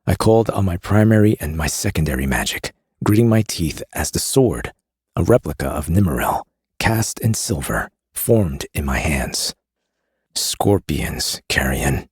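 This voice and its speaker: A man narrating a first-person fantasy audiobook in a gravelly, intense way. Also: extremely low pitch, expressive, a little slow, a little mellow, no room sound, clean studio sound.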